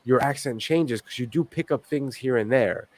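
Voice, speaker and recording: A man's voice: mid-range voice, moderate pace, a little mellow. A man with a New York accent, co-hosting a podcast in laid-back, casual chat with some swearing. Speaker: podcast co-host.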